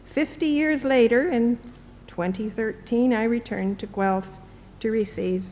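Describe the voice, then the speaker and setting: Older woman giving a formal speech. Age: 70s. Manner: measured, reflective. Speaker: university chancellor. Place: large hall. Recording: long hall reverb, faint rumble.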